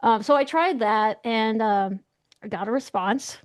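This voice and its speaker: A young woman, a guest in an interview, telling a story in an animated, excitable way and acting out the voices she quotes. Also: a little high, measured pace, no echo.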